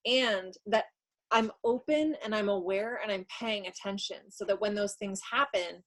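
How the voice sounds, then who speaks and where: A woman co-hosting a live online stream, reading a tarot card in a relaxed, reflective way, thinking aloud with many fillers. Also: medium pitch, moderate pace. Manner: warm, reflective, talks through ideas with fillers. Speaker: co-host and card reader. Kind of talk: casual live-stream chat.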